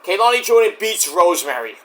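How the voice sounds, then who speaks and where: High, lively, ranting man. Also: fast talker. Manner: excitable and profane, ranting. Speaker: wrestling show reviewer. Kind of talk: casual solo review.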